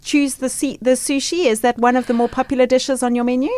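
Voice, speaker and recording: A woman's voice: high voice, steady tone, fairly quick, darkish tone. A woman hosting a radio studio interview, chatting enthusiastically while tasting dishes on air. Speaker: radio host.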